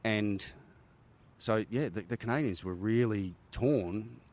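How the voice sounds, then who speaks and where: A middle-aged Australian man, a former army helicopter pilot, telling animated stories in a casual interview, often checking in with "right?". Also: fairly low pitch, slow. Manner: animated war-story telling, frequent "right?" tags.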